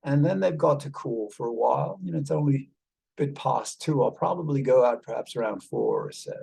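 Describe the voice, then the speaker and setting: A man's voice: mid-range voice, sing-song, brisk, gravelly, warm tone, slightly rough, poor audio. A man speaking in a put-on British accent, chatting casually and rambling with many fillers while calling his listener mate, over a video call. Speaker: show host talking with an AI companion. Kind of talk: casual chat.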